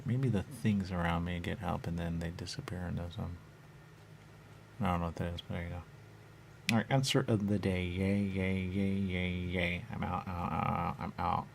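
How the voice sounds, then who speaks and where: A man talking in a rambling, trance-like monologue, halting and repeating the same phrases over and over. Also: low-pitched, gravelly, a little hiss or hum. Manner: repetitive, halting, circles back on phrases.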